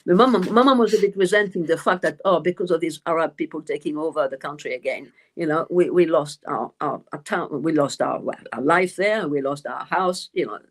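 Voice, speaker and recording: A woman who grew up in French Algeria appears on a live stream as a guest medium and author. Her voice is low-pitched and brisk with few pauses, and she talks in a chatty, rambling way with many restarts.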